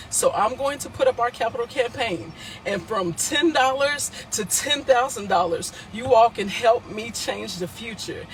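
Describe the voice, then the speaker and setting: Emphatic high-voiced man urging followers. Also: a bit bright, a little hiss or hum, rough recording. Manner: emphatic, repetitive, preacherly exhortation. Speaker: founder addressing followers. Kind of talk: live social media talk.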